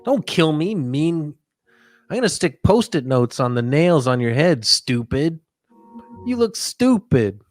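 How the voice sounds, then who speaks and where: A high-pitched, petulant man squeals at the hell monsters around him, as a comedian puts him on. He whines in a lively, sing-song voice and sounds like a sulking child. Faint music plays behind him. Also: unhurried. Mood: whiny indignant. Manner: petulant, high-pitched whining and name-calling. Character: whiny scared man facing hell monsters. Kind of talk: comedic acted quote.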